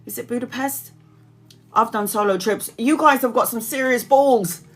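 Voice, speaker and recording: A woman's voice: a little high, normal speed, breathy edge, faint music behind. A woman in her forties, a tarot reader chatting casually to viewers on a live stream, rambling, laughing often and reading out comments.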